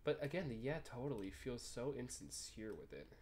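A man's voice: mid-range voice, big pitch swings, moderate pace, a little mellow, a little hiss or hum. A twenty-year-old man giving casual, profanity-laced commentary on a game, reading the dialogue choices aloud. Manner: laid-back, swears freely, reads choices aloud. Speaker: gaming YouTuber.

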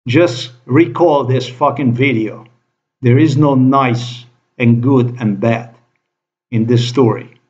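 A man's voice: medium pitch, takes it slowly, a little mellow. A man delivering a profane, accusing monologue to camera, repeating his phrases as he rants. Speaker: vlogger. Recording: dull lo-fi recording.

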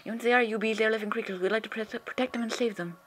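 A man voicing the composed female chief of a secret police unit, speaking softly in a measured, formal way. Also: high-pitched, fairly even intonation, slight background noise, pitched above the performer's own voice.

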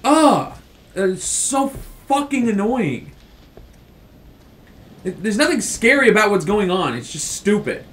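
A man's voice: high-pitched, big pitch swings, takes it slowly, long pauses. A man playing a video game with a friend, chatting casually, swearing and getting frustrated. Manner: frustrated, swearing, bursts into shouts. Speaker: gamer. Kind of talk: casual let's play chat.

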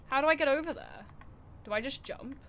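A woman's voice: high voice, brisk, fairly bright tone. A young woman streaming a horror game from her desk at home, chattering anxiously, mocking herself and breaking into sudden screams. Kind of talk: live game commentary.

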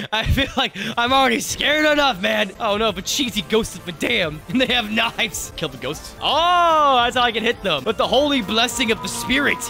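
A man's voice: very high-pitched, expressive, normal speed, gravelly, pushed and bright. A man giving joking, jumpy let's play commentary, yelping and laughing as he plays, recorded on a close mic with game music behind. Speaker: gaming YouTuber.

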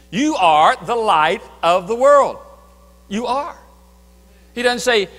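A man preaching a sermon as pastor, emphatic, swinging between loud declarations and hushed asides. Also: very high-pitched, lively intonation, measured pace, long pauses, big-room sound. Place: church sanctuary.

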